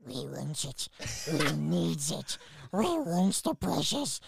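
An Irish man voicing an obsessive cave creature with a slow, craving drawl. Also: on the high side, big pitch swings, vocal fry, a crowd in the background, voice pushed down, heavily acted.

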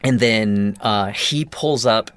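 Man, bright lively voice, low pitch, casual chat. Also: slow pace, slight background noise.

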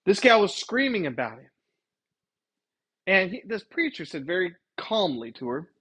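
Husky-voiced man preaching casually. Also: sits high, sing-song, normal speed, pauses often, bright, forceful tone, muffled recording. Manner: rambling, self-correcting, retells scenes with quoted voices. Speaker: Christian commentator. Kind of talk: informal preaching monologue.

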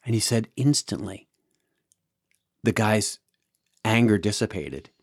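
Halting man telling a story. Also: on the low side, lively intonation, darkish tone, breathy edge, no room sound, studio quality. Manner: halting, with many restarts and repeated words. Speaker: podcast host. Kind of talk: casual storytelling monologue.

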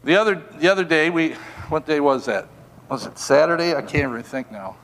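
An older man preaching a sermon, telling personal stories in an animated, self-mocking, humorous way. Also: fairly high pitch, brisk, in a large hall. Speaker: pastor.

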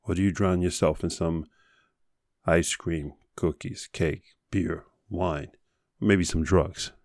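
A man hosting a podcast, giving a blunt motivational talk full of rapid rhetorical questions and profanity. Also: low voice, steady tone, creaky, darkish tone, no room sound, studio quality. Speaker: podcast host. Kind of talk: motivational monologue.

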